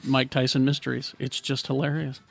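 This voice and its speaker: Gravelly, blunt man. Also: mid-range voice, flat delivery, brisk. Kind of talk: casual chat.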